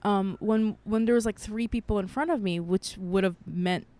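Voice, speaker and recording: A woman's voice: mid-range voice, moderate pace, dark tone, slight background noise. A woman podcast co-host in her thirties, telling a personal story in a candid way, swearing freely and acting out what people said. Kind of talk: casual chat, personal storytelling.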